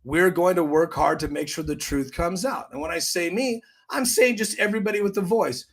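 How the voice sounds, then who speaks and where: A man's voice: high voice, brisk, husky. A man hosting his own podcast, delivering heated, emphatic political commentary. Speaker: podcast host.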